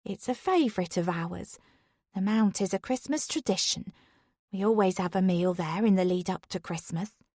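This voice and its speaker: In an audiobook, a woman with a natural, medium-pitched, slightly mellow voice plays a cheerful, chirpy middle-aged mother at a moderate pace. The audio is clean studio quality with no room sound.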